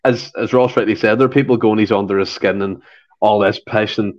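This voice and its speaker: A man's voice: lowish voice, steady tone, a little fast. A Scottish man rants emphatically in a casual football chat. His recording sounds dull and lo-fi, with the treble muffled. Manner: worked-up, emphatic. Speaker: podcast panelist.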